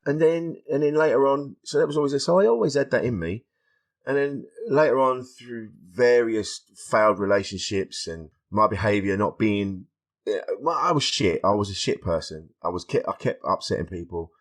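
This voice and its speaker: A middle-aged man, a stand-up comedian chatting candidly as a guest, telling stories in a lively, frank, self-deprecating way. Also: medium pitch, moderate pace. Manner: animated, acts out dialogue, frank and self-deprecating. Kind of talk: candid conversational storytelling.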